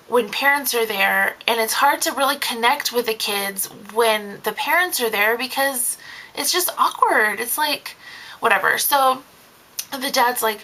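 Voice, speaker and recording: A young woman chattily telling a babysitting story in a casual vlog, full of fillers and quoting people in a higher voice. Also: pushed and bright, poor audio. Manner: chatty, lots of fillers, acts out quotes in a higher voice. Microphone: camera mic.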